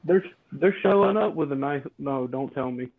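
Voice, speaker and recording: A man's voice: mid-range voice, moderate pace, creaky, no echo. A man co-hosting a casual game livestream, mostly giving short reactions and chuckling asides. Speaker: co-host. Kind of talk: casual gaming livestream chat. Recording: tinny voice-chat line.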